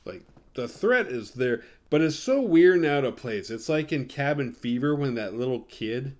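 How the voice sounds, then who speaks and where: A man's voice: medium pitch, lively intonation, moderate pace. A man hosting a horror movie podcast, giving a casual, rambling, profane recap full of sarcastic asides.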